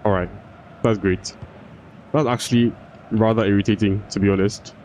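A man's voice: lowish voice, steady tone, moderate pace, a little mellow, a little hiss or hum. A young man giving casual gameplay commentary, often frustrated, swearing and restarting his sentences. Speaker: gaming YouTuber.

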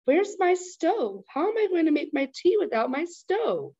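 A woman reading aloud, voicing a confused, sharp-tongued old grandmother who demands answers. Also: mid-range voice, very animated, measured pace, lo-fi sound. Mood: alarmed. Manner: indignant, demanding questions.

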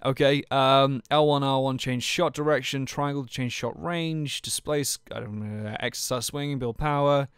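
Smooth and steady at a medium pitch, this young let's play gamer narrates his gameplay at a moderate pace with hardly any pauses, in a dry recording. His casual commentary is profane and jokey, and his voice, a bit dry, trips over restarts as he stammers.

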